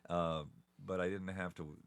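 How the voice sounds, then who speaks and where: A middle-aged man from Southern Ohio speaks with a very low, fry-heavy voice and a faint Appalachian accent. He is slightly congested and tells stories at an easy, meandering pace, with chuckles. It is an unhurried interview conversation. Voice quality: gravelly, deep. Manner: relaxed, rambling storyteller with chuckles. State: a bit congested. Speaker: guest, TV announcer. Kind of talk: casual interview chat.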